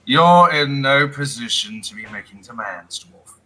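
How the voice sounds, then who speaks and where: A man voicing a stern male adventurer with a husky voice and a cold, demanding manner. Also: mid-range voice, animated, unhurried, sharp tone, rough recording.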